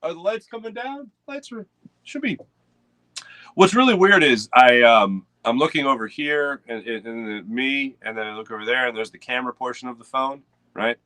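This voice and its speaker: A man's voice: mid-range voice, moderate pace, sharp tone, no room sound. A man hosting a casual live morning sports show, rambling and chatting with viewers by name. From United States. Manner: rambling, chatty, reads out chat names. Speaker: host. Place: home studio with webcam.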